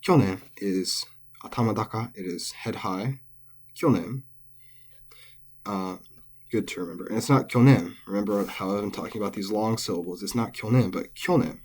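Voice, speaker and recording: A man explaining Japanese pitch accent in a patient, methodical lesson, with frequent fillers. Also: steady tone, brisk. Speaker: language teacher.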